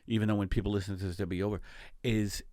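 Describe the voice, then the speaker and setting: A man hosting a comedy podcast in casual chat, animated, jumping from loud exclamations to low mutters. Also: racing, no echo, studio quality. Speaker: podcast host.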